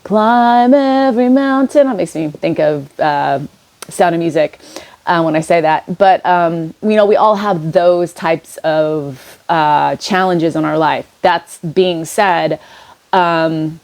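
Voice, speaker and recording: A woman's voice: deep voice, fairly even intonation, takes it slowly, creaky, a little mellow. A woman vlogger talking casually about spiritual growth, rambling with many fillers and restarts. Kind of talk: casual inspirational monologue.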